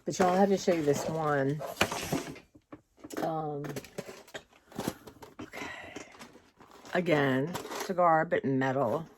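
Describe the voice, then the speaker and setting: A woman's voice: low voice, slow pace, long pauses, background noise. A woman vlogging casually from her home, chatty and rambling, often saying "y'all". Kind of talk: casual chat. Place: home, indoors.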